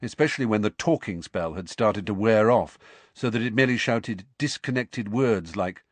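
A man narrating a storybook with an expressive, measured reading. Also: fairly low pitch, dry recording. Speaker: audiobook narrator.

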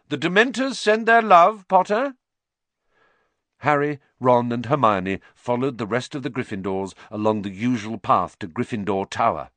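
A man narrating a storybook in an expressive, lively storytelling manner. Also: lowish voice, no room sound. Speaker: audiobook narrator.

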